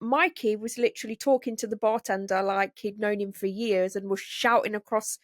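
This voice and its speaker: A woman's voice: mid-range voice, steady tone, a little fast, no room sound, studio quality. A woman, co-hosting a podcast and laughing through her stories in casual chat. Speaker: podcast co-host.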